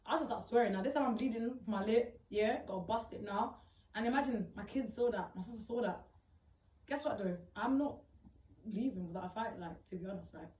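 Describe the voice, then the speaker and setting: A woman's voice: on the high side, a little fast, darkish tone, far from the mic. A woman tells her own story in emphatic, repetitive, slang-heavy talk. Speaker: storyteller recounting her experience. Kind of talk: personal storytelling. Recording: roomy, voice off-mic.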